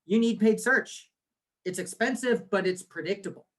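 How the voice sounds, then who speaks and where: A man in his forties, a guest on an interview podcast, explaining things with lively rhetorical questions. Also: sits high, moderate pace. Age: 40s. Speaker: guest, marketing agency owner.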